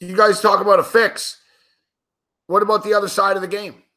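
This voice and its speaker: A man with a high, bright voice rants while he watches a game live, swearing and yelling at the players. He hosts a sports betting show and talks with angry, profane bursts and a sarcastic, lecturing edge. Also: little pitch movement, brisk. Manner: sarcastic, lecturing rant at viewers.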